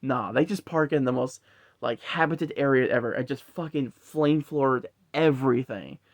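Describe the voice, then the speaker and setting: A man's voice: medium pitch, normal speed, no echo, clean studio sound. A man giving a casual, rambling film review full of swearing and frequent laughter. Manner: rambling, profane, laughs often. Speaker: movie reviewer.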